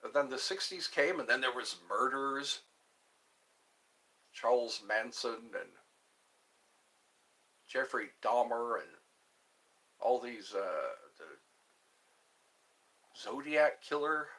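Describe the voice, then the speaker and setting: A man hosting a live stream alone, musing slowly and meandering while he answers viewer chat. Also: medium pitch, lively intonation, sharp tone. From United States.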